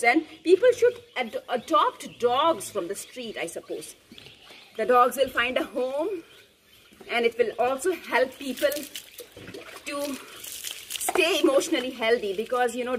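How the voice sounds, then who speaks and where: High, lively woman. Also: slight background noise. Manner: fond, chatty, coos to the dog. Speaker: dog owner and mother. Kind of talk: casual home video chat. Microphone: phone camera held by her daughter.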